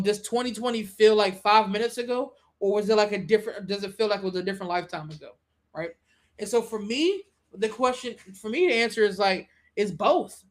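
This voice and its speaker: A woman hosting a live-stream podcast, talking casually with slangy, profane language and swinging into high, animated rants.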